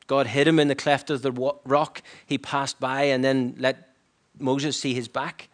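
A man preaching a sermon in an earnest, reflective way, often dropping to a hushed near-whisper. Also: mid-range voice, flat delivery, moderate pace, few pauses.

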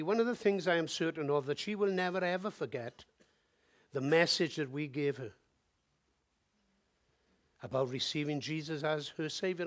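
A man preaches a sermon through a story, his voice sitting a little high. He talks in an animated way, jumping from loud bursts to near-whispered asides. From Wales. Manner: animated, swinging between loud exclamations and hushed asides.

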